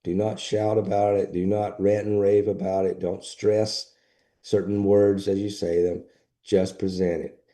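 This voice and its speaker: A man's voice: fairly low pitch, little pitch movement, measured pace, warm tone. A man teaching a lecture to graduate students, plain and matter-of-fact, repeating his points. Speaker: instructor. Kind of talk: recorded lecture.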